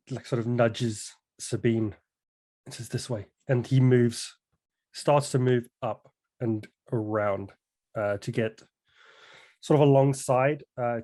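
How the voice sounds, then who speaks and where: Male player, measured, describes his character's moves, mid-range voice. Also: mid-range voice, warm tone. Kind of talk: narrating his character's actions.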